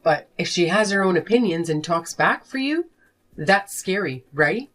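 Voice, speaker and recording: A woman's voice: on the low side, expressive, moderate pace, a bit bright. A woman voicing an indignant fed-up wife. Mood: angry. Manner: indignant and confrontational. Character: fed-up young wife and mother, sharp-tongued. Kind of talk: narrated drama story dialogue.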